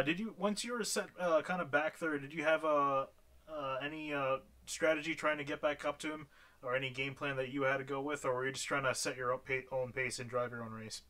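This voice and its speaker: Cheerful male post-race interviewer, bright tone, a bit high, loose and chatty. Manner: filler-heavy, upbeat, laughs at his own slips.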